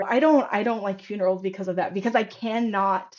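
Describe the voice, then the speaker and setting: A woman's voice: mid-range voice, fairly quick, few pauses. A woman guest on a podcast tells her stories with animation, scattering fillers as she speaks. Her voice sits in a middle range, and the recording sounds slightly dull and lo-fi. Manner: animated storytelling, frequent fillers. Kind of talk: casual conversational interview.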